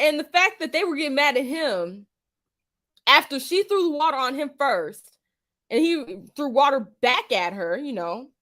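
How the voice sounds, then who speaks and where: Woman host, high voice, slangy, profane, emphatic opinion commentary. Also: fairly bright tone. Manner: blunt, profane and emphatic, repeating her points; slang-heavy street talk.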